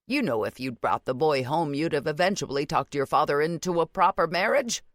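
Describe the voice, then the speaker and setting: Mischievous old grandmother, affectionate, teasing, lowish voice, dry sound, read by a woman. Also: expressive, fairly quick, no room sound. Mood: fond. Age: over 60.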